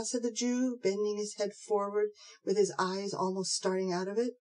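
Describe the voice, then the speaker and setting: A woman narrating an audiobook of a classic novel in a steady, measured way. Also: medium pitch, low-quality recording. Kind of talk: scripted narration.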